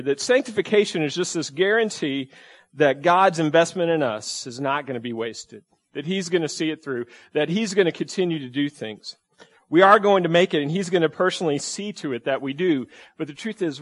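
A man delivering a sermon from the pulpit, easygoing and folksy, with self-deprecating asides. His voice sits a little higher than most men's. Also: expressive, normal speed. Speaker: pastor.

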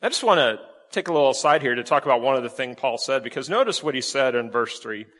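A man preaching a sermon in a lively, conversational way, asking the congregation rhetorical questions. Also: mid-range voice, fast, in a large hall. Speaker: pastor.

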